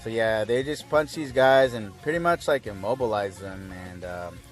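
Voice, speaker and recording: A man's voice: on the low side, moderate pace, soft background music. Laid-back young man swearing through a recap. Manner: laid-back and crude, with lots of fillers. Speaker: episode recap host. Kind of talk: casual profane episode recap.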